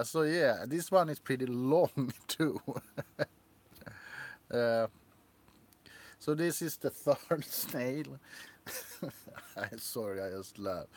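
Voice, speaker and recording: A man hosting a casual livestream, rambling and laughing often as he shows off his figurines. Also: mid-range voice. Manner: giggly, rambling. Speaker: livestream host.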